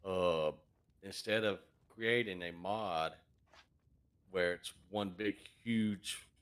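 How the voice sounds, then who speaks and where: A man on voice chat explaining something to a fellow gamer, halting with many fillers. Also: low voice, steady tone, a bit bright, clean tone. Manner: halting, lots of uh and um. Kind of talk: casual explaining.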